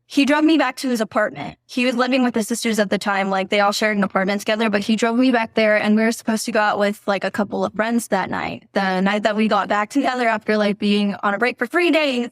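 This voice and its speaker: A woman's voice: mid-range voice, quick pace, hardly any pauses, dry recording, clean studio sound. A young woman, a podcast guest, telling a story casually, filling her speech with "like" and swearing freely. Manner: chatty, heavy use of "like", swears freely. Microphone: podcast microphone.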